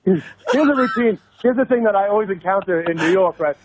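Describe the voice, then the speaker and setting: A man, a stand-up comedian, telling a story on a radio show with quick halting restarts. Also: high voice, lively intonation, crowd noise. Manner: fast, halting restarts, switches into Mandarin. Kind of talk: street comedy bit and studio chat. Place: radio studio.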